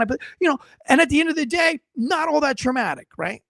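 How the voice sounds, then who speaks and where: A man in his forties telling a story in casual talk, acting out the people in it with shouts and frequent restarts. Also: very high voice, a little fast, vocal fry, hardly any pauses, dry recording, clean studio sound. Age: 40s. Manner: animated storyteller who acts out shouted quotes, with frequent restarts.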